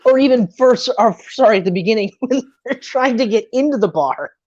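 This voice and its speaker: A woman's voice: on the high side, animated, a little fast, a little mellow, highs cut off. A woman co-hosting a casual movie review podcast, laughing often and swearing freely as she retells scenes. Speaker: podcast co-host.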